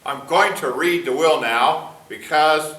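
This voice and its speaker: A man plays a snide, smug lawyer who announces guests and reads out a will in a formal tone. His voice is bright and clear, picked up from a distance in an echoey room. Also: on the high side, slow. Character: smug, sharp-tongued lawyer and host of the manor.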